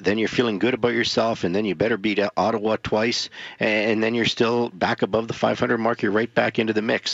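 A man's voice: lowish voice, fairly bright tone, no echo. A man hosts a call-in sports show, rattling off scores and chatting with callers in an easygoing, folksy manner. The mic is dry and close, though slightly dull in tone. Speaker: radio sports show host. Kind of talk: call-in radio talk.

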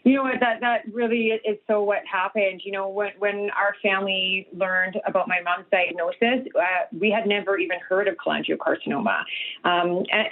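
Earnest woman on a tinny phone line. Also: medium pitch. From Canada. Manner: earnest, emotional, many restarts and fillers. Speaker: guest, nutritionist and health coach. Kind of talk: broadcast interview over a phone line.

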